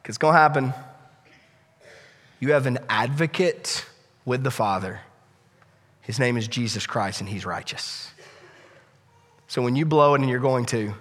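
A male preacher delivers an impassioned sermon in a high, bright voice. He swings between loud, ringing appeals and hushed, intimate lines. His voice carries a long reverb, as in a large hall. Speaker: pastor.

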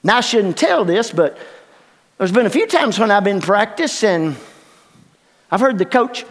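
An older man preaching a sermon in a church, swinging from hushed lines to shouts. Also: high-pitched, very animated, normal speed, pauses often. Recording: long reverb of a large hall.

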